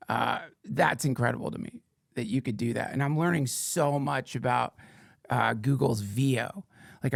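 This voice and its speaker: A man hosting a podcast in casual chat, rambling, excitable and swearing freely. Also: mid-range voice, creaky, dry recording, studio quality. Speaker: podcast host.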